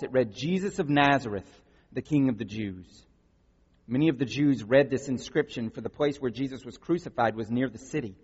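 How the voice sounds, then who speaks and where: A man preaching a sermon, reading scripture with acted voices and blunt asides, with a raspy voice. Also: medium pitch, a little mellow. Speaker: pastor. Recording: dull recording in large echoing hall.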